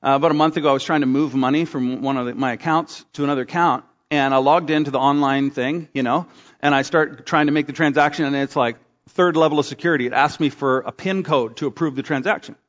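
A man preaching a sermon as pastor, telling stories with lively acted-out quotes. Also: fast talker. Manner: animated storytelling, acts out quotes with big pitch jumps. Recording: dull sound with long hall reverb.

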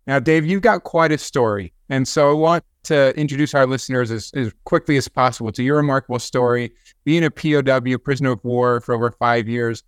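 Upbeat guy hosting a podcast, really smooth voice, mid pitch. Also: fairly quick, no echo, studio quality. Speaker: podcast host. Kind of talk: interview hosting.

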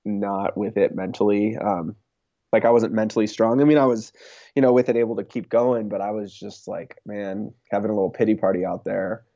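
A young man talking casually in an interview, relaxed and full of fillers like "like" and "you know.". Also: fairly low pitch, fairly quick, no room sound, lo-fi sound. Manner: relaxed, filler-heavy, laughs often. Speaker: interviewed race champion.

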